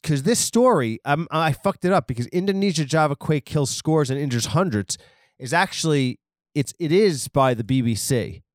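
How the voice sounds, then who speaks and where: A man's voice: on the high side, lively intonation, normal speed, dry recording, studio quality. A man hosting a comedy podcast, riffing crudely and rambling on news headlines. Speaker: podcast host.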